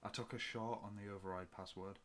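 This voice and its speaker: Defiant young woman prisoner, fierce and urgent, read by a guy in his own low voice. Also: steady tone, brisk, a bit bright, slight background noise, close to an everyday voice.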